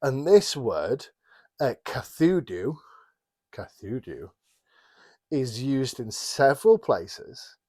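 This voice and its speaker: A man's voice: mid-range voice, sing-song, slow, long pauses, a little mellow. Guy rambling thru a bible chat podcast, keeps restarting, says sorry a lot. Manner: rambling, self-interrupting, apologetic asides. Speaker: podcast co-host. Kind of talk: casual Bible study chat.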